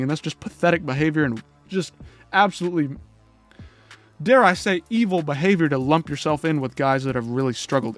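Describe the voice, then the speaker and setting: A young man rants bluntly and heatedly as a commentary host, swearing freely. His voice sits a little high for a man. Faint music plays quietly behind him. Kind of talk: ranting commentary.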